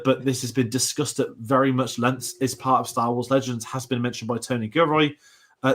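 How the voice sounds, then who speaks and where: A man's voice: mid-range voice, a bit bright. A young British man hosting a casual show discussion, rambling with restarts and asides. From Britain. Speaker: podcast host.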